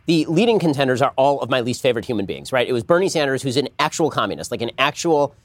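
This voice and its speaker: A man's voice: mid-range voice, no echo. A man in his thirties co-hosting a podcast, talking in an emphatic, argumentative way. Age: 30s. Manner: fast, emphatic, lively delivery. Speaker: podcast co-host. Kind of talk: casual podcast banter.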